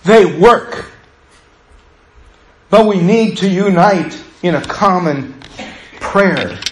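A man's voice: sits high, lively intonation, very slow, reverberant, a little hiss or hum, low-quality recording. A middle-aged man, a pastor, preaching a passionate sermon to his church that builds to urgent pleas.

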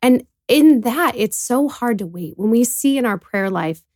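A woman co-hosting a casual faith podcast, talking in a soft, heartfelt way about her own struggles. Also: a little high, animated, unhurried, no room sound, clean studio sound. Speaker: podcast co-host.

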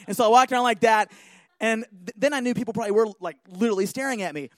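A man giving an animated talk, telling a personal story and often checking in with listeners. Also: very high-pitched, rapid-fire, no echo. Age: adult.

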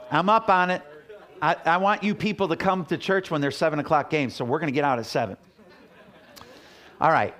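A man's voice: medium pitch, a bit bright. A middle-aged man preaching a sermon as a pastor, talking casually and telling stories with acted-out quotes. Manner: conversational, storytelling with acted quotes.

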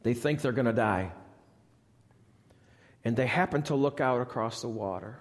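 A male pastor preaching a live sermon in a church, swinging from loud, high appeals to hushed, low lines. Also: moderate pace. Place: church sanctuary. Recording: long reverb of a church hall.

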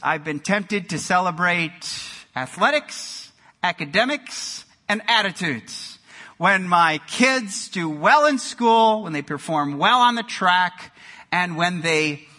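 Guy pastor preaching, bright tense voice, big echoey church hall, goes loud then quiet. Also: fairly high pitch. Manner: energetic preaching, swings from loud exclamations to quiet emphasis. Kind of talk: sermon. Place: church sanctuary. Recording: long hall reverb.

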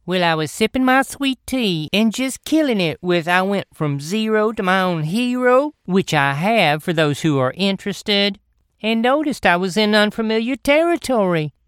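A woman telling a folksy comic tall tale in a drawn-out, dramatic way. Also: medium pitch, lively intonation, smooth, dry recording, studio quality. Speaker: comic storyteller. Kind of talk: folksy comedic storytelling.

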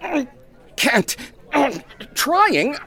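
A woman's voice: high-pitched, big pitch swings, drawn-out words, a bit bright, full character voice. A woman voicing a once-reserved male theater critic who has turned into a melodramatic ham, in radio drama acting. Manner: overwrought, theatrical swoops between declaiming and confiding.

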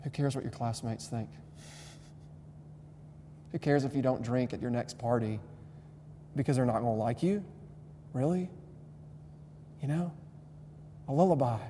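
Young male pastor, sermon delivery, mellow tone, quiet to fervent, recorded in a reverberant hall. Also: mid-range voice, measured pace, pauses often. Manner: swings from quiet tender lines to loud impassioned preaching. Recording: long hall reverb, faint hum.

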